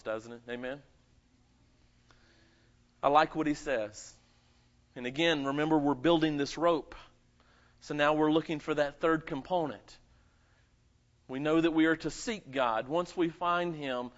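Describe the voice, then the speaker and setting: A male pastor delivering a sermon, his fairly high voice rising to loud emphatic peaks and dropping to hushed asides. The recording sounds dull and muffled. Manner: animated preaching with dramatic swings in pitch and volume.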